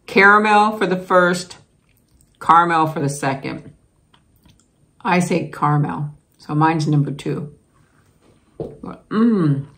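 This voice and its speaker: A woman's voice: low voice, takes it slowly, long pauses. A woman vlogger taste-testing snacks, chatting casually to viewers, giggling and talking while she chews. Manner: chatty, giggly, savoring food aloud while chewing. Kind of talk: casual taste-test chat to camera.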